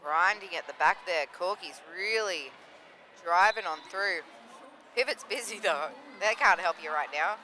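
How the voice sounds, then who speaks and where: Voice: medium pitch, a little slow, bright, forceful tone. A co-commentator with an Australian accent, playful and jokey, calling a roller derby game live. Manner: playful, jokey, laughs often.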